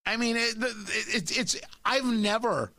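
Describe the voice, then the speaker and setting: Male talk radio host, blunt and combative, lively high voice, dry studio sound. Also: unhurried, no room sound. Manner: blunt, combative, stammers into restarts.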